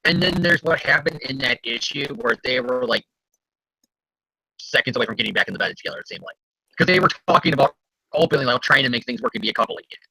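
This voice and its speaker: A man co-hosting a casual comic review, excitable and profane, quick to rant. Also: mid-range voice, gravelly, husky, no room sound, low-quality recording. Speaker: podcast co-host.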